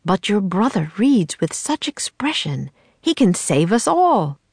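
A woman's voice: mid-range voice, big pitch swings, a little slow, creaky, a little mellow, slightly rough, no room sound, studio quality, pitched above the performer's own voice, exaggerated voice. A woman voicing a kindly, old-fashioned man playwright in a storybook reading, with courtly, archaic phrasing.

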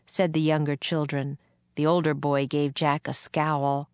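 Low-voiced woman reading a storybook. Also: a little slow, clear, resonant tone, no echo. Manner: calm, steady reading aloud. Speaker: narrator. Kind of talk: storybook narration.

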